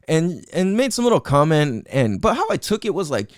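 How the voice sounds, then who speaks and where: Young dude podcast host rambling thru a story, swears a lot, says like constantly, dead dry mic. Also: male voice, on the high side, sing-song, brisk, no room sound. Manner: profane, rambling, heavy on "like" and "you know what I'm saying". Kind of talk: casual storytelling monologue. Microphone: headphones with mic.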